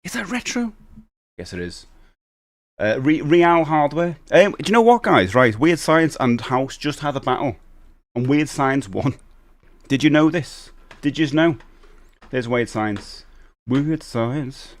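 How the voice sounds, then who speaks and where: A man's voice: a little high, expressive, a little slow. Chatty middle-aged male streamer. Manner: chatty and rambling, reading out chat and greeting viewers. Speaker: live-stream host. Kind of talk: casual live-stream chat.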